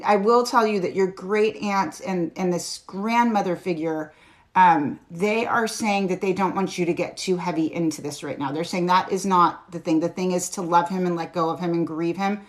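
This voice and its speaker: A young woman reads tarot on a live stream in a soft, slightly low voice. She speaks gently, pauses on ums, and reads viewer comments out loud as she goes. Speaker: tarot reader. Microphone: webcam or phone on a live stream.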